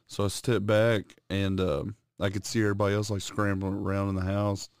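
A man's voice: lowish voice, level tone, brisk, clear, resonant tone, no room sound, studio quality. A man co-hosting a podcast, telling a loose, profane story in casual chat. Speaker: podcast co-host.

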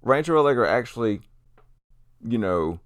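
A man's voice: mid-range voice, expressive, unhurried, no room sound, clean studio sound. A man co-hosting a casual podcast, laid-back and swearing casually, often trailing off and restarting. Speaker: podcast co-host.

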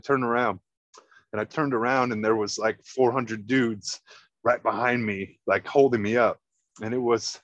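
A man's voice: medium pitch, no room sound, muffled recording. A man telling a personal story in a casual, profane way, stumbling over his words and becoming tearful. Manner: casual, profane, halting with repeated restarts. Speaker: guest.

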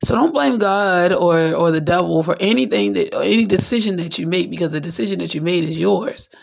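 A woman's voice: fairly low pitch, a little fast, vocal fry. A woman hosting her own podcast in a candid, rambling monologue, often acting out little voices. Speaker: podcast host. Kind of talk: casual spiritual monologue.

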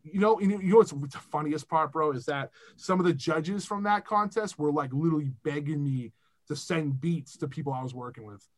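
Young guy producer, fired up and cussing a lot, kinda high voice, podcast chat. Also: fairly quick. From Massachusetts. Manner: animated, profane, rambling. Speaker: music producer guest.

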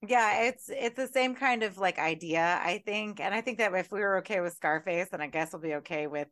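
A woman co-hosting a casual podcast, telling stories in an animated way with some swearing. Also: mid-range voice, brisk. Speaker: podcast co-host. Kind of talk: casual chat.

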